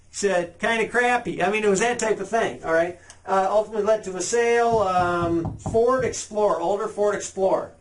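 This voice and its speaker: High-voiced man giving a casual sales lesson. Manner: casual, emphatic, reads sample texts aloud. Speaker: sales trainer. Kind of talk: sales training talk.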